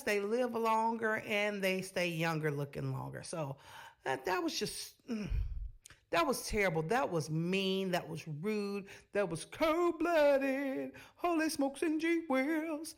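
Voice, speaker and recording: Sassy woman with lively pitch. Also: measured pace. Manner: sassy, animated, talks straight to viewers. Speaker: reaction video host. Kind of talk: casual reaction commentary.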